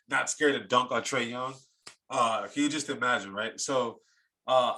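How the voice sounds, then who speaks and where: A man's voice: mid-range voice, sharp tone. A man co-hosting a sports podcast, delivering a heated, ranting take. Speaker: podcast co-host. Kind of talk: sports talk rant.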